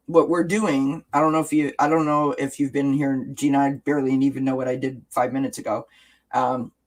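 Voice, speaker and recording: A woman's voice: rumbling low, darkish tone, low-quality recording. Rambling woman hosting a card-reading stream. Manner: rambling, restarts and trails off. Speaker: live-stream host reading oracle cards. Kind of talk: casual live-stream chat.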